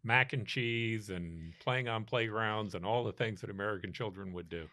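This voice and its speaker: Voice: medium pitch, normal speed, pushed and bright, dry recording, clean studio sound. Interviewer asking short questions. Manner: brief prompting questions. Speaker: podcast host. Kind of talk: conversational interview.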